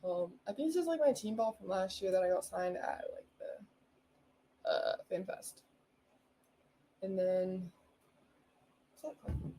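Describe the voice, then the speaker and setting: A woman's voice: medium pitch, unhurried, long pauses, warm tone, a little hiss or hum, rough recording. Bubbly rambling woman podcast host. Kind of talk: casual solo podcast chat.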